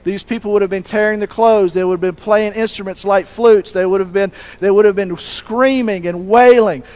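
High-voiced man preaching a conversational sermon. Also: fairly even intonation, normal speed, a little mellow, rough recording. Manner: conversational, asks rhetorical questions; restarts and self-corrects mid-sentence.

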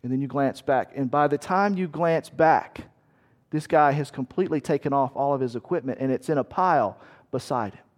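A man's voice: medium pitch, normal speed. A man preaching, leading listeners through a vivid battle scene in the second person. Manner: vivid second-person storytelling, shouting quoted commands. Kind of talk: sermon illustration.

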